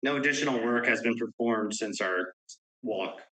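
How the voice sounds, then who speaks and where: A man's voice: medium pitch, moderate pace, fairly bright tone, low-quality recording. A man working as an engineering manager, giving brief, matter-of-fact answers to a board. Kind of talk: meeting discussion.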